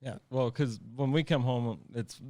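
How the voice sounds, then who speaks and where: A man's voice: mid-range voice, a little slow, warm tone, no room sound. A man co-hosting a podcast, easygoing and self-deprecating in casual talk. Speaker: podcast host.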